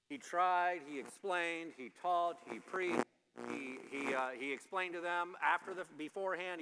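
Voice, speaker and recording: Bright-voiced male pastor in a reverberant hall. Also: on the high side. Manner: conversational, joking asides, repeats and restarts. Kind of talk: sermon.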